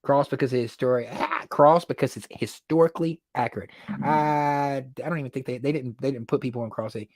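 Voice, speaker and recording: A man hosting a casual livestream, telling stories in an excitable way, laughing often and repeating words when worked up. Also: mid-range voice, fairly quick, no echo, studio quality. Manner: animated, excitable storytelling with frequent laughs. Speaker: livestream host.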